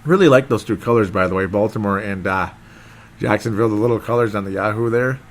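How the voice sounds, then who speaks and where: A man hosting a casual football recap podcast, rambling and excitable, often losing his train of thought. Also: on the low side, fast talker. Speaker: sports podcast host.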